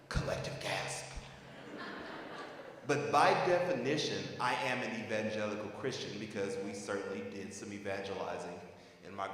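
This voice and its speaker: A man's voice: fairly low pitch, slight background noise. Kentucky-accented man in an echoey hall. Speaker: university administrator. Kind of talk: panel discussion. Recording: echoey hall with long reverb.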